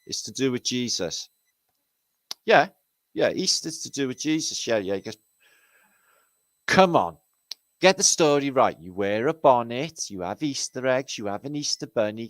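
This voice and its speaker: A man from Britain with a lowish voice, giving casual commentary over a run of pictures. He rambles in a sarcastic, profane way. The recording is dry and close. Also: no room sound, rough recording. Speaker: host.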